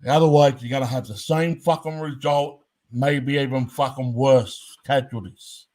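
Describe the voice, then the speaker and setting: A man's voice: medium pitch, fairly even intonation, unhurried, darkish tone. A man giving a heated, blunt commentary rant, swearing constantly and hammering his points. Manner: profane, blunt and emphatic.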